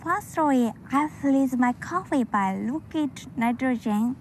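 A woman's voice: high voice, lively intonation, slow, a little hiss or hum, rough recording. A woman barista competitor rehearsing her speech, carefully repeating phrases.

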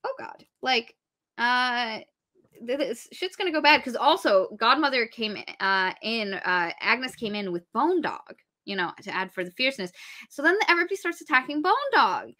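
A woman with a bright, slightly high voice chats through a book's plot as a podcast co-host. She bounces between narration and acted-out character lines, casual and animated, with the odd curse word. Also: normal speed. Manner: swears freely. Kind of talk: casual book review chat.

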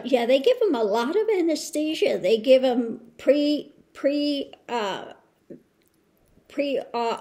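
A woman giving a rambling home update, talking softly and cooing to her pets. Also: a little high. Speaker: spiritual tarot channel host.

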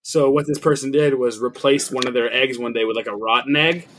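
A man's voice: medium pitch, steady tone, a little fast, fairly bright tone, a little hiss or hum. A man co-hosting a casual podcast, telling a story in a rambling way with restarts. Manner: rambling, trails off and backtracks mid-story. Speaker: podcast co-host.

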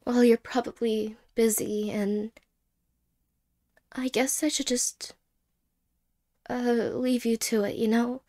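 A woman voicing an apologetic young ex-girlfriend in a whispered role-play, speaking haltingly and softly and slipping into whispers. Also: fairly high pitch, flat delivery. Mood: tender. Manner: halting, hesitant, soft-spoken with whispered words.

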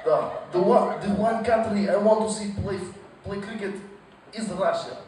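A man's voice: high voice, moderate pace, noisy background. A young man doing crude stand-up comedy on stage, joking with stammering restarts. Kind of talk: stand-up routine. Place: stage at a live venue. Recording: echoey live venue from far off, crowd.

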